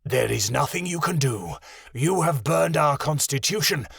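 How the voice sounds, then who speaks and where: A man voicing a wise white tiger guardian with a deep, rough, rumbling voice, calm and measured. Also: no echo, clean studio sound, exaggerated voice.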